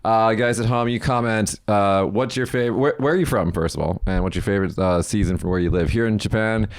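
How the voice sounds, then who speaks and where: This podcast host, a young man from Las Vegas, rambles and swears freely in a casual chat. His voice is fairly low and fast, recorded cleanly in a studio with no room sound.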